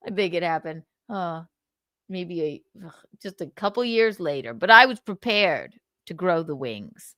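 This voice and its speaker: A woman's voice: on the low side, expressive, measured pace, sharp tone, dry recording, clean studio sound. A woman hosting a live stream, telling a story in a casual way and laughing often.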